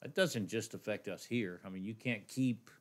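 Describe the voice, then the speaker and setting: A man co-hosting a podcast, talking in an animated, rambling way with frequent restarts. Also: lowish voice, moderate pace. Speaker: podcast co-host. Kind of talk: casual podcast chat.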